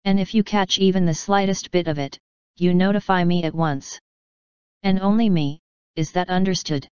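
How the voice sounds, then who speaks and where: A woman's voice: fairly low pitch, steady tone, normal speed, darkish tone, smooth, dry recording, highs cut off, close to an everyday voice. A woman voicing a stern female pony who is head of security, speaking firmly and giving orders. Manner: firm, commanding.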